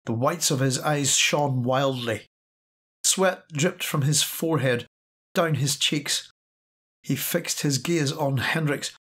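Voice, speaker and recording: Man, audiobook narrator, steady measured reading, mid-pitched voice. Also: slightly rough. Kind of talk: scripted narration.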